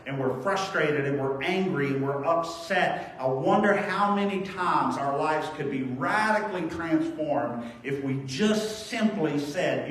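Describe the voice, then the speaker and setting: A man's voice: on the high side, measured pace, few pauses, slight background noise. Man preaching in a very echoey hall. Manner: earnest, storytelling, shifts from raised emphasis to quiet reflection. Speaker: pastor. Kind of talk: sermon. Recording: very echoey church hall, voice from far off.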